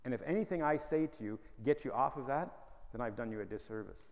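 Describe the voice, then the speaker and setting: A man's voice: mid-range voice, expressive, fast talker, a little mellow, dull audio. A man preaching a sermon, joking at times and pressing his listeners with rhetorical questions. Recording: hall reverb.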